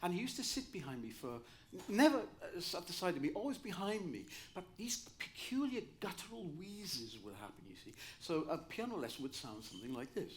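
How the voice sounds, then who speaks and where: An older Welsh man telling comic anecdotes on stage in an animated, theatrical manner. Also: fairly high pitch, fast talker, noisy background. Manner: animated, theatrical, lively delivery. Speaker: cabaret raconteur.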